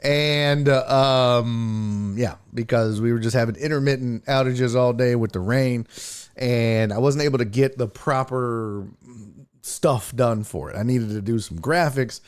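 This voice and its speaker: A man hosting a live sports talk stream, ranting angrily and cursing, swinging between near-shouts and low mutters. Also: a little slow, smooth.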